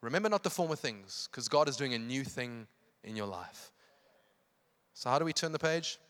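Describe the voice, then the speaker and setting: A man's voice: mid-range voice, expressive, normal speed, a bit bright. A man preaching an evening church sermon, emphatic and impassioned, repeating phrases for effect. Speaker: pastor. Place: church hall. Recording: long hall reverb.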